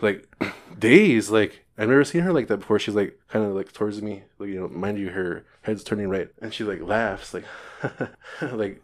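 On a podcast, a guest tells his own story in a voice that sits a little low. He talks casually and animatedly, swearing freely and tripping through restarts and fillers as he goes. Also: normal speed, hardly any pauses.

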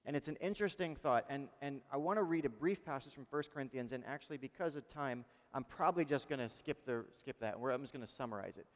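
A male pastor preaching a sermon in a lively, conversational way, asking the congregation questions. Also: medium pitch, fast, hardly any pauses, in a large hall.

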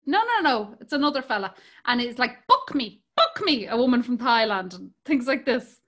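A woman's voice: on the high side, animated, a little fast. An Irish woman telling bawdy stories in a casual chat, often laughing as she talks. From Ireland.

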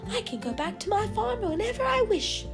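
A woman voicing a bold young male farm cat in a storybook reading, speaking brightly and eagerly. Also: extremely high pitch, big pitch swings, a little fast, vocal fry, over music, voice pushed up, heavily acted. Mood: boastful.

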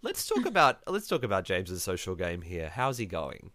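A man's voice: low-pitched, wildly swooping pitch, moderate pace, bright, forceful tone, no echo. A man hosting a podcast, casually recapping a reality show with wry, dry asides. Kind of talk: casual chat.

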